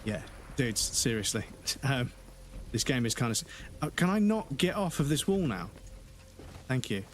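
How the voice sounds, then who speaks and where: A man's voice: mid-range voice, sing-song, normal speed, a little hiss or hum. Chatty, cursing male game streamer. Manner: chatty, profane, with laughs and fillers. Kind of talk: casual gaming livestream commentary.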